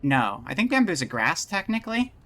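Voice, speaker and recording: A man's voice: fairly high pitch, sing-song, fairly quick, fairly bright tone. A man streaming live, chatting casually with his viewers, rambling and joking as he thinks aloud and greets people from chat.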